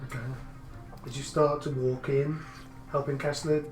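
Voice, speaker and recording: A man running a tabletop game as game master, answering players with calm, brief acknowledgements. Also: on the high side, normal speed. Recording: echoey room with background music. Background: background music.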